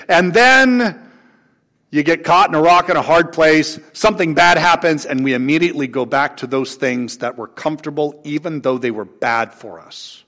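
A man preaching a sermon to his congregation, swinging between raised, emphatic lines and soft, low asides. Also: normal speed. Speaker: pastor. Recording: long hall reverb.

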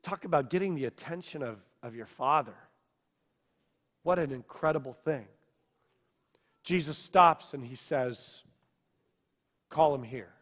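A man preaching a sermon, telling a story dramatically, dropping to a hush and rising to shouts. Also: on the high side, a little slow, long pauses, in a large hall.

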